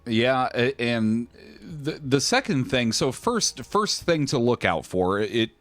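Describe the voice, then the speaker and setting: A man's voice: mid-range voice, big pitch swings, slow pace, fairly bright tone, no echo. A man hosting a casual podcast chat, loose and joking, with plenty of swearing. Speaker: podcast host.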